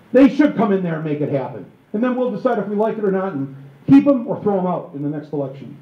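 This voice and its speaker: A middle-aged man from Michigan giving a comic political talk to a live audience, joking and acting out little voices and asides. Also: sits high. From Michigan, USA. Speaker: speaker at a book tour event. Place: auditorium with an audience. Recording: echoey hall, slightly dull live recording.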